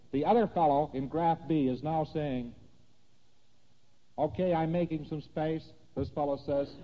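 A man giving a lecture, talking through diagrams in a conversational, animated way and checking that listeners follow. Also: medium pitch. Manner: conversational, animated, asking "see that?". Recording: dull lo-fi recording in a reverberant hall.

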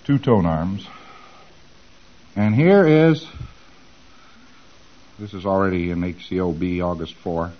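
A man's voice: sits low, takes it slowly, long pauses, lo-fi sound. A man giving an informal lecture, animatedly acting out both sides of the dialogues he describes.

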